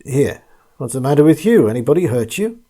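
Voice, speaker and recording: A man voicing a rough, unsympathetic old soba seller in a storybook ghost tale. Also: medium pitch, big pitch swings, brisk, warm tone, pitched above the performer's own voice. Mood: gruff. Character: gruff old male soba seller, mocking.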